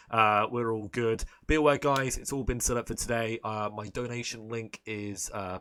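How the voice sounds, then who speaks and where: A man's voice: lowish voice, a bit bright. A man hosting a live stream, chatting casually in a rambling, joking, profane way.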